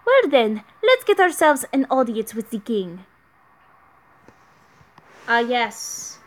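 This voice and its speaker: A woman's voice: a little high, big pitch swings, slow pace. A woman voicing a playful, teasing woman genius with a singsong delivery.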